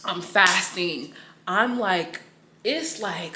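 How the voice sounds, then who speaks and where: A woman's voice: on the low side, normal speed, reverberant, noisy background. A young woman giving a personal faith testimony in a casual, rambling way, with slang and a lot of repetition. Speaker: Bible study teacher.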